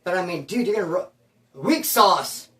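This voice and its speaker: A man who served time telling prison stories in a casual, slangy, animated streetwise way. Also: high-pitched, normal speed, far from the mic. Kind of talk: casual storytelling. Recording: roomy sound from away from the mic.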